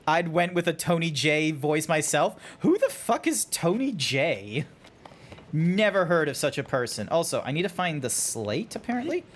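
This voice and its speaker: A man with an Australian accent chatting casually while streaming a game, swearing and laughing easily. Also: fairly high pitch. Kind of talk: casual gaming livestream chat.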